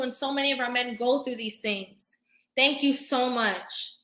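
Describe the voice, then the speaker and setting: A young woman hosts a live stream and lectures her viewers with fervent emphasis, stopping now and then to thank them for comments. Her voice is bright and a little high. The room around her echoes. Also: normal speed. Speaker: vlogger hosting a live stream. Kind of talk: impassioned live-stream talk. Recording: roomy echo.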